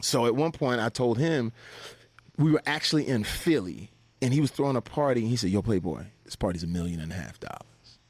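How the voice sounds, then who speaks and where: Animated storyteller man, dry close sound. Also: mid-range voice, no echo. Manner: animated, acts out other people's lines, swears freely, laughs a lot. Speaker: guest telling stories. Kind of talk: casual anecdotal storytelling.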